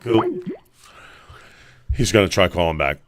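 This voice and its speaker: A man hosting a live video-call show, talking in a casual, halting way with lots of fillers and restarts. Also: low-pitched, wildly swooping pitch. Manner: rambling, halting, with many fillers. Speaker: show host. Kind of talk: casual live-stream chat.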